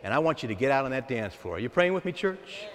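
A man preaching a sermon as a pastor, calling out to the congregation in an animated, call-and-response way. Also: mid-range voice, fast. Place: large church. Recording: echoey church hall with long reverb.

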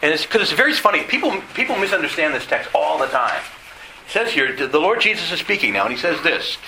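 A man's voice: a little high, big pitch swings, fast, bright, forceful tone, rough recording. A man teaching a conversational Bible study. He asks his listeners rhetorical questions and acts out quoted voices.

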